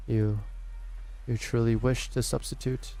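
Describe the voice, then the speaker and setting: A man streaming himself as he reads a game's story dialogue aloud, deliberately, often stumbling and restarting on words. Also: mid-range voice, level tone, dark tone, slight background noise. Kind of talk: dramatic reading of game dialogue.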